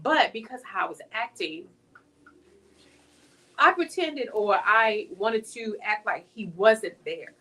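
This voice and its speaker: Animated woman telling a faith story. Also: mid-range voice, slow pace, far from the mic. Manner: emotional testimony, animated storytelling. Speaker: author guest. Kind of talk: conversational interview.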